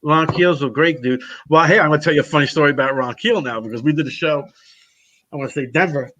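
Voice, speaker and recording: A man, a guest drummer, telling road stories in casual chat, animated, acting out what people said and laughing often. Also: on the high side, fast, highs cut off. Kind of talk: casual storytelling.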